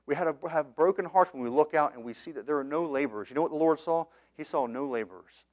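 A male preacher with a somewhat high voice delivers an impassioned sermon. He rises to loud, fervent runs and then drops to near-quiet reflection. When he reads scripture he slows into measured tones. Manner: impassioned preaching, swinging between loud and soft. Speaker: pastor, missionary.

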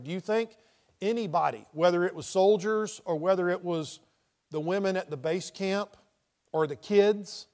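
A man with a notably high voice teaches through a Bible passage verse by verse. He reads the old scripture aloud. Then he restates it in casual, conversational words. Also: a little mellow. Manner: reads scripture aloud and paraphrases it in everyday speech. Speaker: preacher.

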